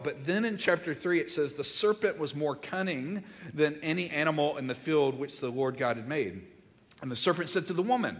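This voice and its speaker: A man preaching a conversational sermon, his voice a touch higher than most, carried by long hall reverb. He swings between loud, animated moments and hushed, almost whispered lines as he asks his listeners questions. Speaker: pastor.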